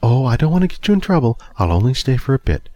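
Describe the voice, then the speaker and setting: A man voicing a gentle, sweet-mannered elderly homeless woman. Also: medium pitch, sing-song, fast, dry recording, dull audio, pitched above the performer's own voice.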